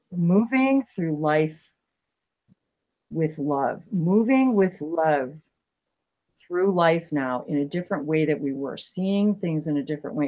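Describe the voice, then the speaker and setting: A woman hosting a spiritual livestream, talking casually in an earnest, emotional way, rambling with many halting restarts. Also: sits low, darkish tone, highs cut off.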